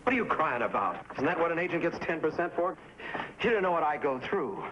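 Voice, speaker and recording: A bitter, hypochondriac cartoonist. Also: male voice, on the high side, very animated. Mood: resentful. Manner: complaining, quick to anger, shouting at times. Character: anxious hypochondriac male cartoonist, irritable and bitter. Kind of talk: 1950s TV drama acting. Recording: dull old TV soundtrack with faint hiss.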